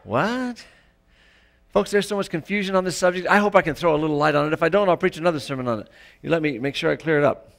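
A man's voice: a little high, fast talker, creaky, a bit bright. A man preaching a sermon in a conversational way, often putting rhetorical questions to the congregation and restarting his sentences with small stammers. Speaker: pastor.

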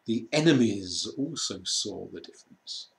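Slow, measured man reading a storybook. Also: on the low side, lively intonation, creaky. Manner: slow, measured, dramatic pauses. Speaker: reader. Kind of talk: storybook read aloud.

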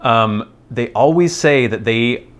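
An American man hosts his own channel, speaking at a medium pitch and an unhurried pace. His casual, rambling monologue is chatty and amused, wandering off on tangents.

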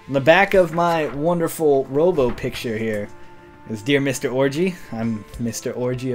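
A man hosting a casual fan mail video, rambling and self-deprecating, trailing off quietly at times. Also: mid-range voice. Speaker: channel host. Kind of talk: casual fanmail reading.

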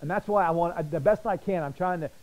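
Passionate fast-talking male Bible teacher. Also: high-pitched, poor audio. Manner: animated, fast-talking, repeats words when excited.

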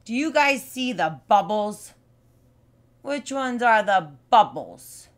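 A young woman leads a live lesson for small children, stretching and repeating each word so they can say it back. Her pitch swoops up and down a lot, and she talks very slowly. Her voice is still a bit worn from being unwell. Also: big pitch swings. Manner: slow, exaggerated, repeating words for kids to copy. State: voice still not fully recovered. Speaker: children's speech teacher.

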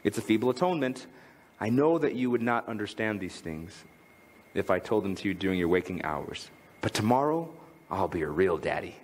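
A man's voice: fairly quick, long reverb tail. A man preaching a sermon as pastor, telling a family story and reading a poem aloud with big swings in tone. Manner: lively, swings from high to low when reading aloud. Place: church.

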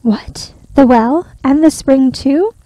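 A woman voicing a huge, dim-witted male giant in a slow, drawn-out, rumbling manner, as whispered role-play. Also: mellow, poor audio. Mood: uneasy.

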